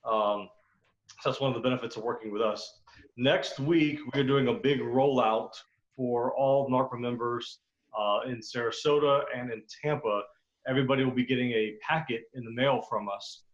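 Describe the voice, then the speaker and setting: A man pitching his restoration company on a video call, in a plain salesy way with some fillers. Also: fairly even intonation, moderate pace. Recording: dull lo-fi video call audio.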